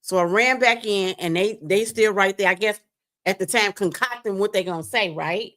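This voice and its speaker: A woman telling a painful personal story on a live stream, animated and speaking straight to her listeners. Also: mid-range voice, normal speed. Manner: animated, acts out quoted voices, addresses listeners as "you all". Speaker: guest sharing a testimony. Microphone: remote stream mic.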